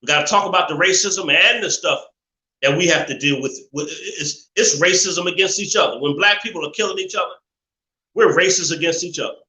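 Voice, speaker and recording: A man's voice: high voice, a little fast, pushed and bright. A man hosting a live show, giving a preachy, repetitive rant and swearing freely. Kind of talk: ranting live-stream monologue. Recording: roomy echo.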